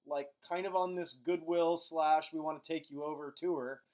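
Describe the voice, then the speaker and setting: A middle-aged history teacher with a fairly high, slightly mellow voice gives a recorded lecture in a casual, joking way. He acts out countries using quick, silly voices.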